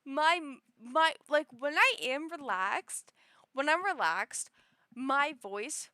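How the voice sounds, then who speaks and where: Woman streamer, casual chat, bright and crisp, meandering delivery with a restless shifting pitch. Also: expressive, slow, no room sound, studio quality. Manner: rambling, filler-heavy, shifts her pitch often.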